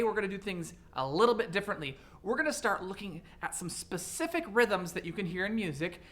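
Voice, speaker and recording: A man's voice: sits high, fairly bright tone. Male elementary music teacher, peppy, chants rhythms and counts in. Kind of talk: upbeat kids' music lesson.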